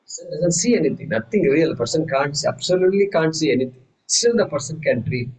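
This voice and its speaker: A man teaches a class in a lively, questioning way. His voice sits fairly high for a man. He often slips into acting out the people in his examples. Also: quick pace, low-quality recording. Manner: animated, acts out quoted voices, rhetorical questions. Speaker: Vedanta teacher. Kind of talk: class lecture.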